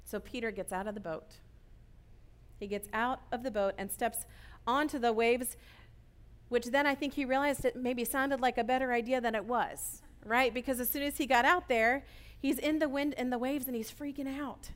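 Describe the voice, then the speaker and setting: A woman delivers an earnest sermon in a slightly high voice. She often turns to her listeners with a quick "right?" to pull them along. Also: fairly even intonation. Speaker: preacher.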